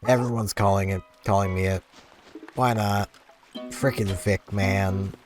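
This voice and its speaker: A man's voice: low voice, steady tone, measured pace, music in the background. A man reading out a laid-back, slangy game villager in his own voice. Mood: easygoing.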